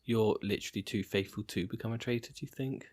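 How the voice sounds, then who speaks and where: A relaxed man on a podcast with a fairly low voice. He throws in short questions and quick agreement in easy, casual conversation. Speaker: podcast co-host. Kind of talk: casual chat.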